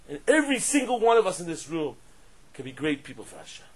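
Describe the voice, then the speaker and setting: A man giving a rambling Torah talk to a room, full of Yiddish and Hebrew terms, swinging from quiet asides to loud, impassioned peaks. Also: on the high side, very animated, quick pace, very noisy. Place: room with a live audience.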